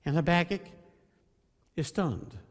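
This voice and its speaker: A male pastor delivers a sermon with earnest emphasis, speaking to his congregation directly. His voice sits somewhat high for a man. It rings with a long reverb through the church sanctuary. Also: slow.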